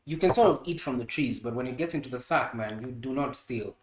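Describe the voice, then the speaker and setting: A woman co-hosting a casual podcast, teasing and quick with banter. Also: very deep voice, darkish tone. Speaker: podcast co-host.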